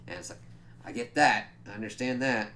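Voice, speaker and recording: With a medium-pitched, sharp voice, this TV reviewer talks fairly quickly through a casual episode recap, cursing and dropping plenty of "like" fillers. A faint hiss or hum sits under the audio.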